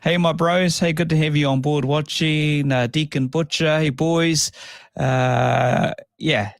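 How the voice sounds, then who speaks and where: A man's voice: on the high side, fairly even intonation, takes it slowly, vocal fry, no echo, clean studio sound. A man hosting a casual livestream chat, upbeat and matey, calling people mate and bro. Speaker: host.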